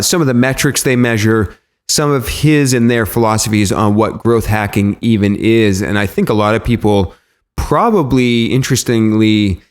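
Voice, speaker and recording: A man hosting a podcast, introducing the episode in a chatty, loose way with some fillers. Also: on the low side. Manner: chatty, self-correcting, with filler ums. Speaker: podcast host.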